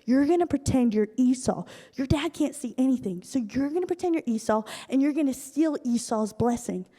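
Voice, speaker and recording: A woman's voice: high-pitched, expressive, fairly quick, mellow. Woman as a scheming mother, conspiratorial, matter-of-fact, roomy reverb. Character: scheming mother plotting with her son. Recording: echoey hall.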